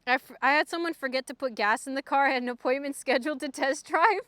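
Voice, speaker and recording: High bright chatty young woman. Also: quick pace, no echo. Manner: chatty, animated, frequent "like" fillers. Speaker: livestreamer. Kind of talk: casual storytelling to chat.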